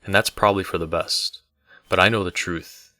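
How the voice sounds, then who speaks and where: Calm serious innkeeper, low bright voice, dry sound, read by a man. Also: moderate pace, no echo. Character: calm red-haired male innkeeper.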